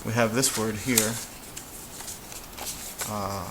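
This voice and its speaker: A man teaching a casual whiteboard lesson, relaxed and halting, with frequent fillers and restarts. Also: lowish voice, noisy background. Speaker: Spanish teacher.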